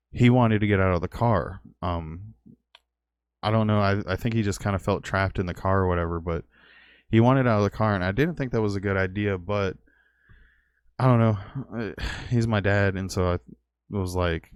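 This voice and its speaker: Young guy telling a personal story, halting and heartfelt, deep smooth voice. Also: fairly even intonation, dry recording, clean studio sound. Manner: halting, heartfelt, with nervous laughs. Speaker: vlogger.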